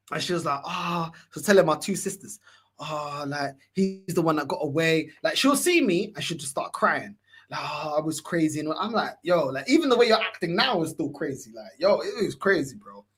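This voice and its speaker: A man's voice: on the high side, husky. A young man with a London accent hosting a casual chat, telling a story and acting out the quotes. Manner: animated, acts out quotes in shifting voices, laughs often. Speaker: podcast host.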